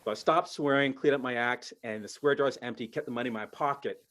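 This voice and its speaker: A man's voice: medium pitch, fast, a bit bright. A man performing stand-up comedy over a video call, telling stories animatedly and jumping into character voices.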